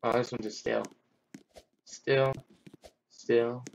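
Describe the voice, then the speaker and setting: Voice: mid-range voice, little pitch movement, slow, vocal fry, dull audio, a little hiss or hum. A gamer giving playful, chatty commentary on a game, squealing and exclaiming while playing. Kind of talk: gameplay commentary.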